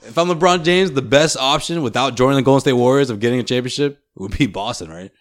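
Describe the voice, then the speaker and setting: Animated male podcast host. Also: medium pitch, fast, dry recording, clean studio sound. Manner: animated, jokes in mock voices. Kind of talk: casual sports chat.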